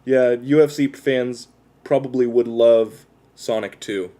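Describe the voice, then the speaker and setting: A man's voice: mid-range voice, steady tone, takes it slowly, warm tone. A man chatting casually with his viewers on a livestream, rambling and self-deprecating as he talks while tattooing himself.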